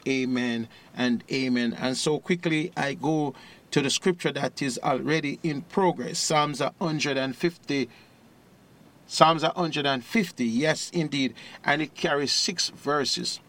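A man preaching on a radio program, praying and reading scripture with a fervent cadence that swells into loud declamation. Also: medium pitch, a little slow.

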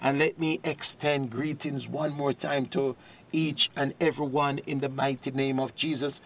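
A man preaching on a radio program, praying and reading scripture with a fervent cadence that swells into loud declamation. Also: medium pitch, fairly even intonation, moderate pace.

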